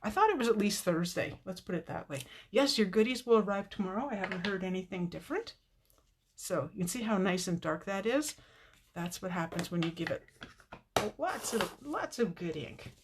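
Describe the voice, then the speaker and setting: A woman's voice: mid-range voice, lively intonation, normal speed, background noise. Chatty woman crafting on camera. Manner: chatty, talks to viewers by name, laughs often. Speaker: card-making demonstrator. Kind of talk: casual live craft tutorial.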